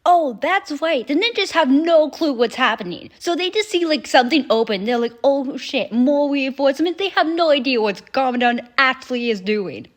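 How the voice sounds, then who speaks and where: A woman hosting a reaction video in casual, chatty commentary, swearing freely and quoting characters in quick asides. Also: high-pitched, lively intonation.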